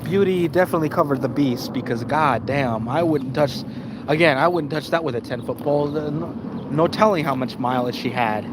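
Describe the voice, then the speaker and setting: Brief: young male streamer, higher-pitched voice, cussing, animated, slangy, stumbling restarts. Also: normal speed, background noise. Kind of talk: casual live-stream storytelling.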